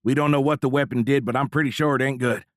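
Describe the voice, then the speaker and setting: A man's voice: mid-range voice, fairly even intonation, quick pace, dry recording, clean studio sound, pitched above the performer's own voice, natural voice. A man voicing a middle-aged male fighter-pilot colonel with a heavy East Texas drawl, giving urgent radio orders. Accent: East Texas drawl, put on. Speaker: fighter-wing commander.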